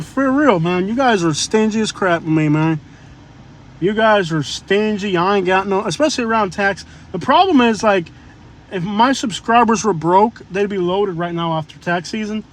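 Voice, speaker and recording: High-voiced man rambling on a livestream. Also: a little hiss or hum. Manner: rambling, joking, chatty asides to viewers. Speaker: live-stream vlogger. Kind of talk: casual live-stream chat.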